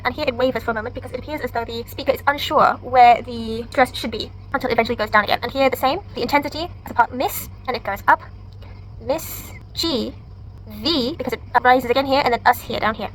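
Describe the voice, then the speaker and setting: A woman student presenting to her lecturer, explaining pronunciation briskly and saying example words aloud. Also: on the high side, slight background noise, low-quality recording. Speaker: university student presenting an assignment. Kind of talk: academic presentation with spoken demonstrations.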